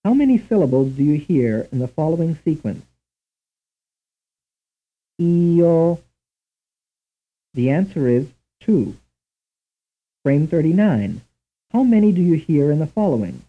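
A man reading a scripted language lesson in a slow, measured, deliberate way, on a tinny old tape recording. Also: on the high side, sing-song, slightly rough. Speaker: language instructor. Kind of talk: scripted programmed-lesson narration.

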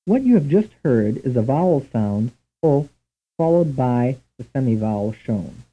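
A man reading a scripted language lesson in a slow, measured, deliberate way, on a tinny old tape recording. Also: mid-range voice, big pitch swings, breathy edge. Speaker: language instructor. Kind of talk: scripted programmed-lesson narration.

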